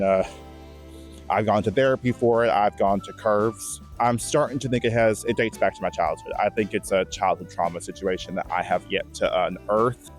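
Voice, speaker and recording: A self-absorbed Bigfoot rambles earnestly through his forest home, played by a man in a deadpan mock-documentary. He talks in a low, unhurried voice, stops and restarts his sentences, and mixes vanity with painful shyness. Faint music plays under the outdoor recording. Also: natural voice. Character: vain, shy, emotional Bigfoot giving a forest tour. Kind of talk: mock-documentary comedy monologue. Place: outdoors in woods.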